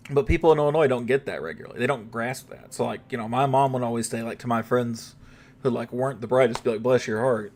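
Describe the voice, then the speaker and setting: A man's voice: medium pitch, fast, a little hiss or hum. A young man with a Southern US accent and a slight twang, chatting casually and cursing freely while streaming a game. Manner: relaxed, rambling, swears freely. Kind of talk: casual chat while gaming.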